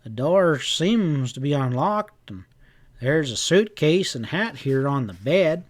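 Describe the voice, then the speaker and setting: A man's voice: on the high side, big pitch swings, exaggerated voice. Man voicing an eager western townsman. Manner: eager, a little slow. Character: eager helpful male townsman.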